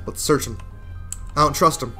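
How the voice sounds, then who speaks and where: A man giving casual gameplay commentary, swearing constantly, laughing a lot and breaking into sudden yelled outbursts. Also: medium pitch, normal speed. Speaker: gaming video creator. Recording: game music playing under voice.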